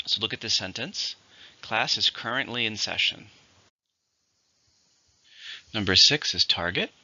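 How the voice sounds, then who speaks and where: A male English teacher runs through a vocabulary list in a bright, edgy, lower-pitched voice. He slows down to stress each syllable as he models the words. The recording sounds dull and lo-fi. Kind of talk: vocabulary lesson.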